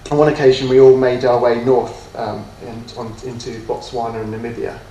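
A man gives a talk in a lecture room, heard from some way off the mic with an echoey room around him. His delivery is halting and self-deprecating, full of ums and false starts. A faint hiss sits under the voice. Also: mid-range voice, little pitch movement, dark tone, far from the mic. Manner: hesitant, many ums and restarts, self-deprecating. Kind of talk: autobiographical lecture.

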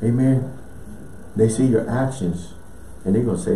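A man's voice: medium pitch, moderate pace. Emphatic preaching man in an echoey church. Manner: emphatic, repeats phrases, bursts of laughter and shouts. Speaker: pastor. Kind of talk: sermon with call-and-response. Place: church sanctuary. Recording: echoey church, mic at a distance, faint noise.

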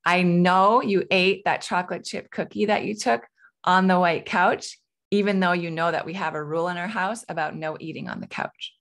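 A woman's voice: fairly low pitch, steady tone, normal speed, gravelly, fairly bright tone. A woman in her thirties hosting a parenting podcast, giving advice in a conversational coaching way with frequent "right?" asides. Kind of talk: solo podcast advice talk.

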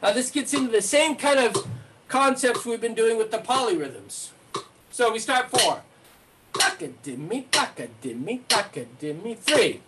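Higher woman chanting rhythm syllables. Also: animated, normal speed. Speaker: rhythm teacher. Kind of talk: online rhythm lesson. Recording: clear background noise.

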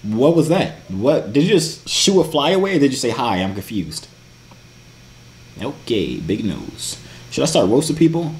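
A man's voice: mid-range voice, sing-song, moderate pace, darkish tone. A young man vlogger chatting and joking casually with strangers on video calls. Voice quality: joking, roasting banter.

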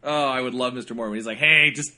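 A man's voice: mid-range voice, fairly even intonation, rapid-fire, fairly bright tone. A man co-hosting a casual podcast chat, joking and slipping into silly voices in his stories. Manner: jokey, does silly voices in anecdotes. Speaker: podcast co-host.

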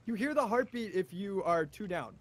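A man's voice: sits high, lively intonation, normal speed. A young man teasing his friend with a laugh in casual chat while playing a horror game together. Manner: teasing, giggly. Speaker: guest co-player.

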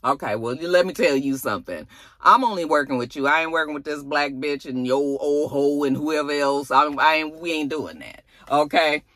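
A reviewer voicing a gruff, dismissive male crime boss in a show recap, speaking bluntly. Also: mid-range voice, animated, moderate pace, fairly bright tone, no room sound, studio quality, voice pushed down, lightly acted.

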